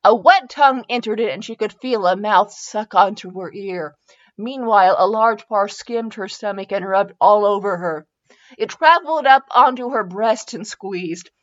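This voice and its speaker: A woman's voice: medium pitch, normal speed, dull audio. Giggly woman host reading fan fiction. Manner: giggly, self-mocking asides between reading. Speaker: podcast host.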